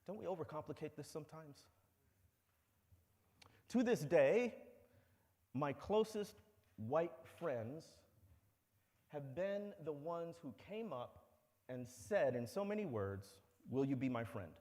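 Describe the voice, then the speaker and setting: A man's voice: a little high, lively intonation, slow, pauses often, mellow. A man giving a public talk, telling stories in a conversational, wry way. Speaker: speaker. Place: lecture hall. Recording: long hall reverb.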